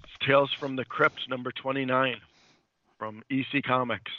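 A man's voice: medium pitch, fairly even intonation, normal speed, sharp tone, dry recording. A man casually retelling a horror comic story, rambling with many fillers and restarts. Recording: dull dry lo-fi sound.

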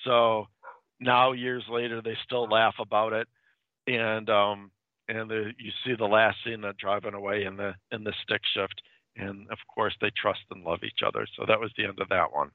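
A man casually retelling old film plots as a host, halting and restarting often. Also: on the low side, no room sound. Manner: halting, with frequent restarts and repeated words. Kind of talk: casual chat. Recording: dry, tinny phone-like sound.

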